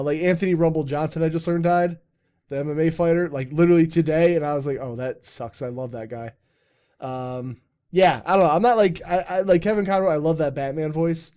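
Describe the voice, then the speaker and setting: A man's voice: on the high side, a little mellow, clean tone. A man hosting a live stream chat in a rambling, jokey way, swearing often. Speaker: streamer and podcast host. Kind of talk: casual chat.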